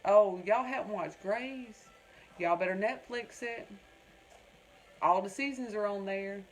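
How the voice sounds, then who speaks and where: A woman's voice: mid-range voice, unhurried. A woman hosting a casual craft livestream, rambling and chatting with viewers in the comments.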